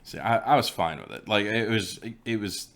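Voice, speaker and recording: A man's voice: on the low side, normal speed, gravelly, a bit bright. A man co-hosting a casual chat, swearing freely and joking around. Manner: swears a lot, joking asides. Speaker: podcast co-host.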